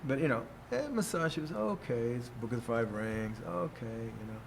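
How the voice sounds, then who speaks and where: A man's voice: mid-range voice, expressive, moderate pace, creaky, slight background noise. Older guy rambling thru a lesson, says "see?" a lot, chuckly. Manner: rambling, keeps asking "see?", chuckles often. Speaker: teacher. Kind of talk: casual teaching talk.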